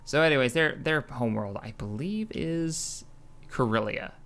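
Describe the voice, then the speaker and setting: A man hosting casual gameplay commentary, excitable and rambling, often correcting himself mid-sentence. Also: mid-range voice, normal speed. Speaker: gaming channel host.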